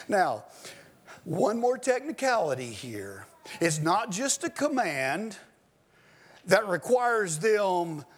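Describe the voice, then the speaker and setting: A man preaching a sermon in a slow, deliberate teaching cadence. His voice sits high and swoops widely in pitch as he stresses key words. He explains step by step and sometimes raises his voice for emphasis. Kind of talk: expository sermon.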